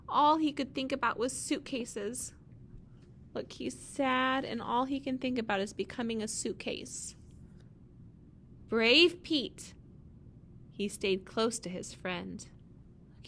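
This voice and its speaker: A young woman teacher reading a picture book aloud to her students, gently pausing to ask them questions and give instructions. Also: on the high side, slight background noise.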